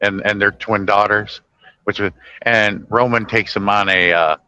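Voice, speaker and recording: A man's voice: fairly low pitch, fairly even intonation, measured pace, pushed and bright, smooth, no echo, muffled recording. A man hosting a casual chat, retelling movie scenes in a rambling, self-correcting way. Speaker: host. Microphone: podcast microphone.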